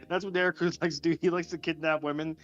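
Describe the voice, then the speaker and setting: Man, higher voice, teasing banter, laughs a lot, dull lo-fi sound. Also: little pitch movement, fast talker, faint music behind. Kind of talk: casual joking chat.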